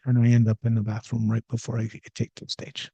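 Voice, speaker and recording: A man's voice: medium pitch, completely flat delivery, a little fast, dark tone, slightly rough, no echo. A man hosting a podcast, telling candid anecdotes with frequent ums in a casual conversation, on a slightly dull recording. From Canada. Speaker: podcast host.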